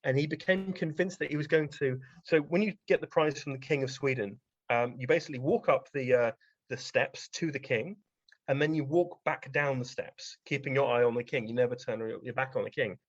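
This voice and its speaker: A man's voice: mid-range voice, fairly quick, dry recording. Rambling male podcast guest, dry sound. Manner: rambling, anecdotal, frequent ums. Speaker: guest science writer. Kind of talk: casual interview storytelling. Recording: dry, slightly dull podcast audio.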